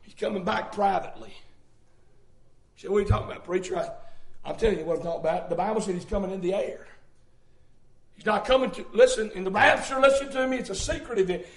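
A man preaching, his voice sitting very high for a man. He drives his points with repeated phrases and breaks into loud shouts. The sound rings around a roomy church hall. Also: fast talker, pauses often. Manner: fervent, shouting bursts, rhythmic repetition. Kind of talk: sermon.

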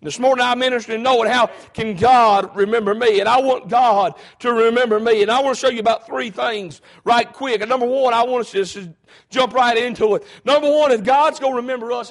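A man preaching a sermon, moving from calm word study to loud, fervent calls to his congregation, full of rhetorical questions. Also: very high-pitched, a little fast. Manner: frequent fillers and restarts, rhetorical questions to the congregation.

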